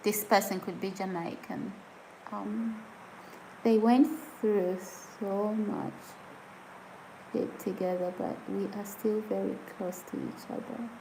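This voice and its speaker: A woman's voice: mid-range voice, fairly even intonation, slow pace, mellow, slight background noise, rough recording. A woman chatting casually on a live stream, reading viewer comments aloud and often breaking into giggles. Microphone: phone or camera set on a surface.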